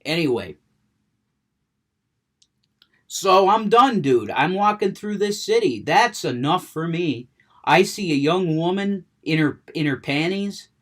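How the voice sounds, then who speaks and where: A man's voice: high-pitched, lively intonation, unhurried, a bit bright. A man rambling about video games in a casual monologue, stammering, restarting sentences, cursing freely. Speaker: gaming vlogger.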